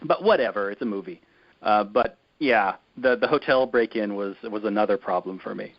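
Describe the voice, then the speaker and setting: A man's voice: lowish voice, moderate pace. A man co-hosting a podcast in casual chat, rambling and critical with lots of fillers. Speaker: podcast co-host. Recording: dull lo-fi podcast audio.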